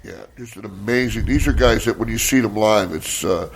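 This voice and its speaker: An older man, a comedian, chatting casually and rambling through stories with lots of fillers and swearing, relaxed and mellow after a massage. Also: fairly low pitch, normal speed, a little hiss or hum. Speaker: stand-up comedian guest. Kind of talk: casual chat.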